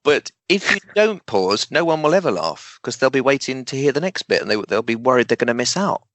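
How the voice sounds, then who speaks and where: A man, a guest speaker and humorist, talking in a casual interview with animated emphasis, dry jokes and deliberate pauses. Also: medium pitch, dry recording.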